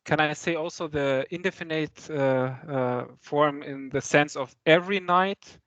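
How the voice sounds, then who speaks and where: A man's voice: fairly high pitch, a little slow, a bit bright, no echo, lo-fi sound. A man student asking hesitant questions over a video call. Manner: inquisitive, hesitant.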